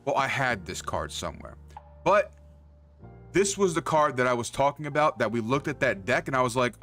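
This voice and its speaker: A man's voice: medium pitch, very animated, moderate pace, sharp tone, faint music behind. A man hosting his own livestream, chatting casually with his viewers in a hyped, loose and profane way. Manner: hyped, loose and profane, talks straight to the chat. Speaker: streamer host.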